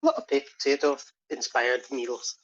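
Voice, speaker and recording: A woman laughs and jokes with friends as they play a game together, sometimes putting on an exaggerated Irish accent. Her voice is a rumbling low, her pace moderate, and the sound lo-fi.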